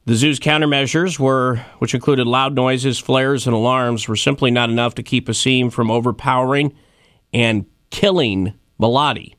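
A man's voice: mid-range voice, fairly even intonation, normal speed, fairly bright tone, no echo, clean studio sound. A man in his thirties hosting a casual comedy chat about odd news stories, joking and rambling with fillers and asides. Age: 30s. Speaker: host.

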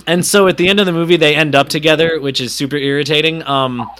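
A man's voice: on the high side, steady tone, quick pace, a bit bright. A man co-hosting a casual podcast, ranting animatedly about a movie with lots of swearing. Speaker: podcast co-host. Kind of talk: casual comedic chat.

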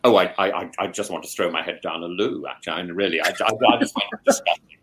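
A man chatting as a guest, talking with many stammering restarts and animated opinions. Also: low-pitched, fast talker. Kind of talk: casual discussion.

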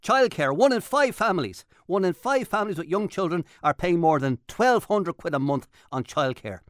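A man's voice: high-pitched, expressive, moderate pace, fairly bright tone, no echo, studio quality. An Irish man hosting a radio show, delivering an impassioned, emphatic monologue and hammering his points home by repeating them. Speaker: radio host. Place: radio studio. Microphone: studio microphone.

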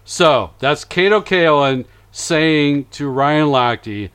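Man, podcast host, casual recap, slightly high voice, animated, does little voices for quotes. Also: slow pace, clear, resonant tone. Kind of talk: casual chat recapping a reality show.

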